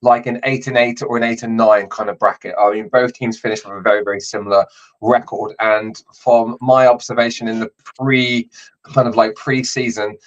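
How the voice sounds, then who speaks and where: A man's voice: mid-range voice, little pitch movement, normal speed. A man hosting a casual sports podcast, explaining rules with lots of ums and likes. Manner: explains rules with many fillers. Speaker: podcast host. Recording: slightly dull lo-fi audio.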